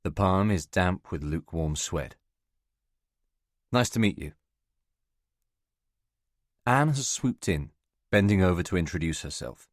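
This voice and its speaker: A man giving measured, scripted first-person narration of a novel for an audiobook. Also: sits low, animated, dry recording, clean studio sound.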